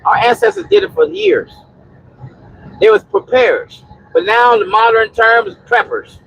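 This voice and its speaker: High, gravelly-voiced trucker preaching on stream. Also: male voice, huge pitch swings, a little slow, fairly bright tone, no room sound, dull audio. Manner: preachy, repetitive exhortation; rambling with many restarts and "you know". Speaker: trucker and homesteading livestream host. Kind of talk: casual livestream talk, answering chat.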